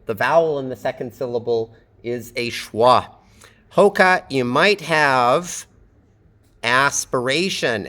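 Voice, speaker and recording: Guy teaching english sounds to a class, slow and careful, bit high voice. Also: fairly bright tone. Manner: explains slowly, drawing out sample words. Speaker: phonetics teacher. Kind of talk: classroom lecture.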